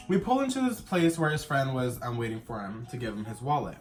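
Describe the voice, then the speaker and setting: A young man telling a storytime vlog in a sassy, campy, dramatic way, shouting for emphasis. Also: a little high, big pitch swings, a little fast, hardly any pauses, very noisy. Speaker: vlogger.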